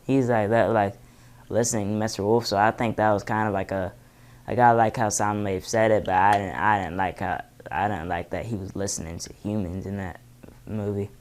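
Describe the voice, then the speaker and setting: A man's voice: on the low side, steady tone, moderate pace. A man casually recapping movie scenes, rambling with many fillers. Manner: loose, filler-heavy storytelling. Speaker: impressions vlogger.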